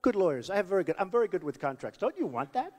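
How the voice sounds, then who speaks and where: A man's voice: sits high, sing-song, rapid-fire, darkish tone. A man giving a rambling, boastful campaign rally speech that repeats itself, at a podium microphone in a large venue. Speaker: political candidate. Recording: long reverb of a large hall.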